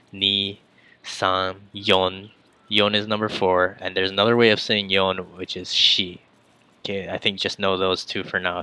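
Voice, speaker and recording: Low, flat-voiced man teaching casually. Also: clean tone, no room sound. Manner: relaxed, filler-heavy, addresses viewers as guys. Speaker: language teacher. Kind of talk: casual explanatory lesson.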